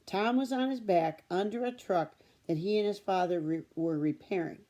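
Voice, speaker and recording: A woman reading a children's chapter book aloud in a steady storytelling manner. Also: mid-range voice, moderate pace. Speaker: storybook reader.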